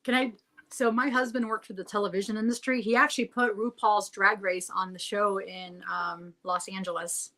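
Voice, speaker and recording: A woman's voice: mid-range voice, fairly even intonation, normal speed, pushed and bright. A woman who is a guest on a podcast, chatting casually, often stumbling and restarting her sentences, with many uses of "like". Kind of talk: casual chat.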